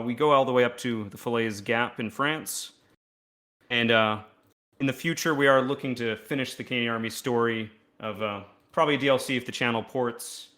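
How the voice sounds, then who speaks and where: A man's voice: mid-range voice, pushed and bright. A man, an indie game developer, explaining his work in a casual podcast interview, self-deprecating.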